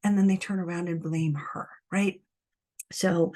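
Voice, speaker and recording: A woman's voice: fairly low pitch, fairly even intonation, a little slow, mellow. A middle-aged woman, an abuse support coach, speaking bluntly and with frustration straight to her viewers. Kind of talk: impassioned direct-to-camera monologue.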